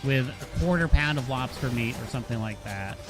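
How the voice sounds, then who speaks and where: A man with a Boston accent rambles and jokes with his viewers while he plays, cursing freely. His voice sits mid-range, and game music plays clearly behind him. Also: mid-range voice, brisk. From Massachusetts. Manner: joking, rambling, swears freely. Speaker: streamer. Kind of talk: casual gameplay chat with viewers.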